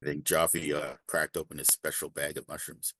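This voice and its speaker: A man playing in a tabletop game, talking in a halting way as he thinks aloud. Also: very deep voice, flat delivery, pushed and bright, no echo. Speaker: player. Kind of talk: casual tabletop game chat.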